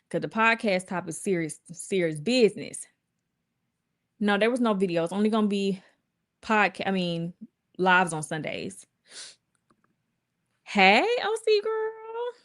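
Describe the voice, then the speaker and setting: A woman's voice: medium pitch, moderate pace, long pauses. A woman vlogger talking casually and candidly to her viewers, rambling with asides and acting out quoted voices. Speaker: vlogger and livestream host.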